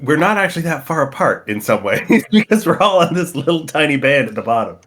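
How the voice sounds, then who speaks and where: A man's voice: fairly high pitch, big pitch swings, a little fast, fairly bright tone. A man chatting casually between turns of a tabletop game, rambling with many restarts and fillers. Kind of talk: casual chat.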